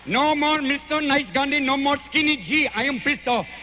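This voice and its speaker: A comedian putting on a fuming holy man who has dropped his gentle ways and talks like a street thug, all threats and slang. The voice sits high and cutting, with a bright, sharp edge. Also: expressive, measured pace, long reverb tail, a little hiss or hum, full character voice. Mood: mock anger. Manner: mock-menacing, slangy. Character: enraged street-tough male spiritual leader.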